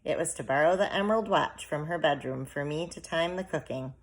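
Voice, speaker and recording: A woman's voice: sits low, fairly quick. A woman reading the part of an anxious, fussing little mother who frets and scolds in an audiobook. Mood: distraught. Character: fretful, anxious tiny mother, middle-aged.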